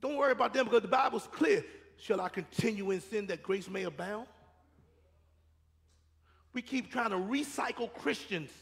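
High-pitched gravelly preacher in a hall. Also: male voice, animated, normal speed, long pauses, a bit bright. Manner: preaching with rising and falling intensity, repeating phrases. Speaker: pastor. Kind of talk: sermon. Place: church sanctuary. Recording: reverberant church hall.

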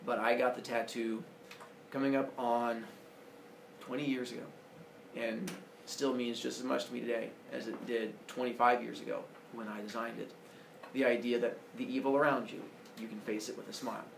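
Earnest man with a gravelly voice in an echoey room. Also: mid-range voice, flat delivery, moderate pace, recorded from a distance, slight background noise. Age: 40s. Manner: earnest, personal storytelling. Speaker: school speaker. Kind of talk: motivational talk to students.

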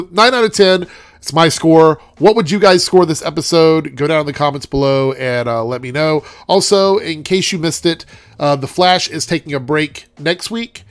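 A man's voice: a little high, a bit bright, dry recording. A young man with a congested voice giving a rambling, chatty TV episode review as host of his show. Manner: rambling, chatty, frequent ums.

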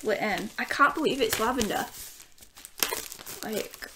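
A woman with a fairly high voice records a casual unboxing vlog from home. She talks in an unhurried, drawn-out way, gushing with excitement and chatting to her dog between thoughts. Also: a little hiss or hum. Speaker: vinyl collecting YouTuber.

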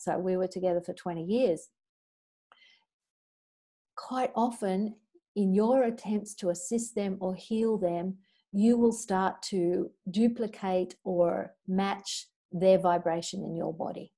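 At a measured pace and medium pitch, a middle-aged woman leads a healing class in a mellow, warm tone. Earnest and chatty, she shares personal stories and periodically speeds through a long recited clearing formula.

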